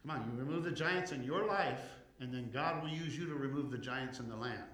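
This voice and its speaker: Male pastor, mid-pitched, preaching with slow emphatic build-ups, reverberant church. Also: a crowd in the background. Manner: preaching with rising intensity, slowing for emphasis; calls for congregation response. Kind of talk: sermon.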